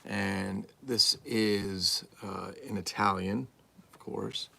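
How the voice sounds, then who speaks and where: A man's voice: on the low side, steady tone, very slow, gravelly, bright, forceful tone, a little hiss or hum. A man talking casually and bluntly as he unboxes vintage toys, rambling and swearing freely. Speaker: toy collector vlogger.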